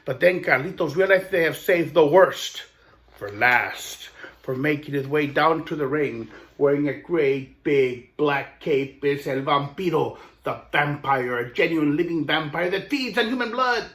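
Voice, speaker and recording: A man with a fairly high voice telling a children's story aloud. His delivery is lively and expressive, with playful asides to the listener. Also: unhurried. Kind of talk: oral storytelling.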